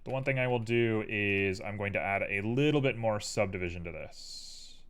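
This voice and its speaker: A man's voice: lowish voice, moderate pace, a bit bright, clear, resonant tone. A man casually chatting on a live stream while he works, playful and talking to himself and his chat. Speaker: livestreamer and 3D artist.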